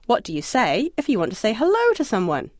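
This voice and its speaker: A woman narrating a scripted audio language lesson, encouraging and lightly humorous, asking the listener to answer out loud. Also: fairly high pitch, huge pitch swings, a little fast, dry recording, studio quality. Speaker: language course instructor.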